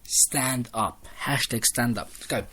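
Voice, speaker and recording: A man giving a casual spoken review of a wrestling show, rambling and excitable, restarting sentences as he retells the matches. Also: mid-range voice, takes it slowly, slight background noise. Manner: rambling, excitable recap with restarts and quoted lines.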